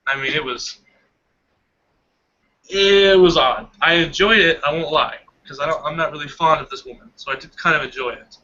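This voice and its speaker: A young man chats casually with a very bright, slightly raised voice, telling a story with animated energy. The audio is dull and lo-fi, as on an online call. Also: on the high side, moderate pace. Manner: animated storytelling, laughs often. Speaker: hangout participant. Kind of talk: casual chat.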